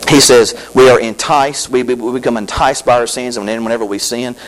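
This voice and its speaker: A man preaching a sermon as pastor, folksy and emphatic, often repeating phrases and swinging between loud and quiet. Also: mid-range voice, steady tone, brisk, poor audio.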